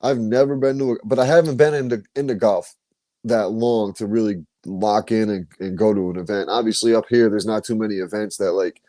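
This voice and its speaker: A man's voice: fairly low pitch, steady tone, fairly quick, dark tone, dry recording. A man from New hosting a podcast, bantering in a loose, slangy, enthusiastic way. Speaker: podcast host. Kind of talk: casual interview chat. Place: podcast studio.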